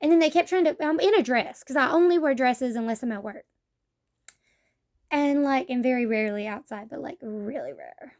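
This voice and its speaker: High-voiced woman ranting bluntly in a vlog. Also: brisk, a little mellow. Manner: blunt, profane storytelling, acting out quotes. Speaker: vlogger. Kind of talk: casual vlog rant.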